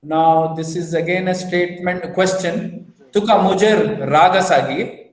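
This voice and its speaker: A man's voice: sits high, steady tone, moderate pace, roomy sound, poor audio. A man teaching a beginners' language class over a video call, patiently repeating phrases and explaining them with examples.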